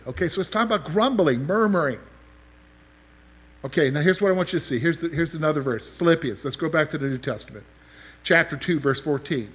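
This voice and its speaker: Guy preacher with a high voice, walks thru bible verses, keeps asking questions. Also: animated, brisk, a bit bright, slightly rough. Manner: teaching, asks the listeners questions. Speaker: pastor. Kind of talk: sermon.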